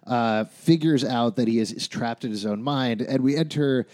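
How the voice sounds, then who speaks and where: A man hosting a podcast in casual chat, animated and quick to laugh, jumping between topics. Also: mid-range voice. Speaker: podcast host.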